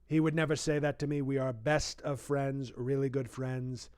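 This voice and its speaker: A man's voice: medium pitch, fairly even intonation, normal speed, darkish tone, clear, resonant tone, dry recording, studio quality, close to an everyday voice. A man doing a comic impression of a boastful older male politician, reading a book aloud and breaking off into rambling, self-praising asides.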